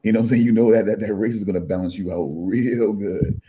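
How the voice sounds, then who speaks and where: Deep husky guy on a podcast, sarcastic, keeps repeating himself. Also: steady tone, fast talker, dark tone. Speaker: podcast co-host. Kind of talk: casual chat.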